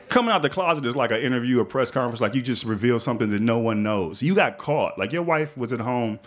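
Fast-talking man doing stand-up. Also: mid-range voice. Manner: loose, conversational storytelling with big animated swings. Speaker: stand-up comedian. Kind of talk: stand-up comedy set. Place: comedy club stage with live audience. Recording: live set with loud crowd laughter.

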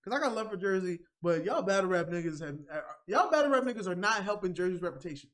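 Animated high-voiced New man. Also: quick pace. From New York. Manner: animated, laughing, mimics people. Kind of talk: casual chat.

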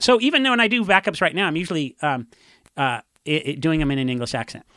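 A man from Orange County, a punk musician, telling rambling, animated stories in a casual interview and acting out what others said. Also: on the high side, fast talker, no room sound, clean studio sound. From Orange County, California. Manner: rambling, animated storytelling with acted-out quotes.

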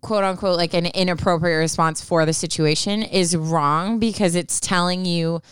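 Chatty woman giving advice, low and smooth. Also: fairly even intonation, normal speed, dry recording, clean studio sound. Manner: chatty, lots of "like" fillers, reassuring. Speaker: podcast co-host giving advice. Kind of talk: casual advice chat.

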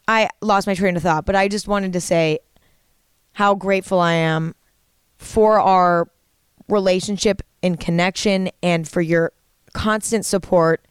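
Smooth-voiced earnest woman podcaster. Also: mid-range voice, steady tone, measured pace, long pauses, no room sound, studio quality. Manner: earnest, rambling, many fillers and restarts. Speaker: podcast host. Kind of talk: casual podcast monologue. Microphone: studio microphone.

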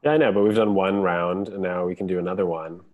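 Very deep-voiced man on a video call. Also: fairly even intonation, fast talker, phone-quality sound. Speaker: podcast co-host. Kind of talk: casual chat.

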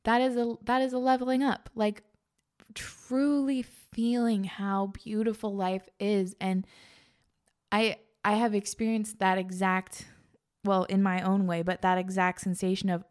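A woman's voice: mid-range voice, little pitch movement, unhurried. A woman hosting a podcast in casual, earnest chat, gushing and full of filler words. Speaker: podcast host.

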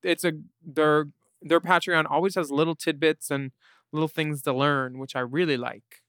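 A man's voice: a little high, fairly even intonation, a bit bright, smooth, no echo, studio quality. A man co-hosting a podcast in casual chat, campy and sassy as he reads listener emails aloud. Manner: campy, sassy, drawn-out "honey". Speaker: podcast co-host.

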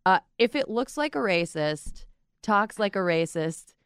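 A woman's voice: medium pitch, expressive, a little slow, clear, resonant tone, no echo, clean studio sound. A young adult woman hosting a podcast panel, chatting casually and rambling with restarts. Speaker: podcast host.

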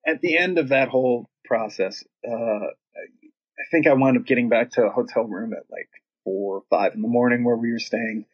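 Husky man telling a rambling story. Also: mid-range voice, normal speed, dull audio. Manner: rambling, casual, swears freely. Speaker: band singer, guest. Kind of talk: casual storytelling chat.

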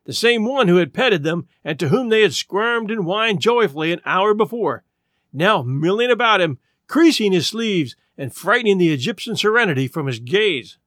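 A man reading a story aloud with an expressive, dramatic delivery. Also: high-pitched, moderate pace, dry recording, clean studio sound. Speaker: narrator.

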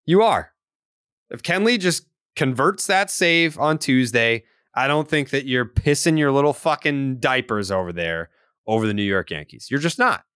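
A swearing podcast co-host needles his partner with a lively, up-and-down delivery. His voice is close and dry, with no room sound around it. He talks in a heated, mocking way. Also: mid-range voice, normal speed, clear, resonant tone, dry recording. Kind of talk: casual sports podcast banter.

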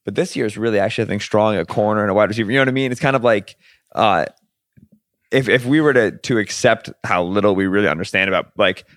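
A man's voice: on the low side, quick pace, fairly bright tone, no echo, studio quality. A man co-hosting a podcast, musing aloud in casual chat with rhetorical questions. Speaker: podcast co-host.

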